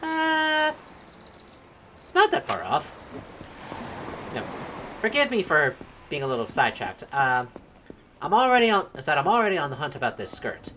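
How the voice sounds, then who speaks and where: Casting: chatty woman game streamer, self-mocking, lowish voice with lively pitch, hums while playing. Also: moderate pace, pauses often, a little hiss or hum. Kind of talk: let's play commentary.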